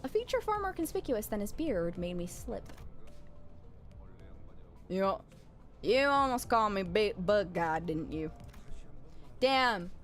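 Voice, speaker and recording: A woman's voice: mid-range voice, big pitch swings, slow, long pauses, soft background music. A woman streamer chatting playfully and reading game dialogue aloud, with giggly joking asides.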